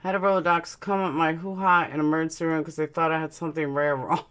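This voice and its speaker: Deep, a bit bright and fairly flat in pitch, this woman talks quickly while hosting a casual live stream. She reads her chat out and speaks bluntly, with the slight lisp her dental aligners cause.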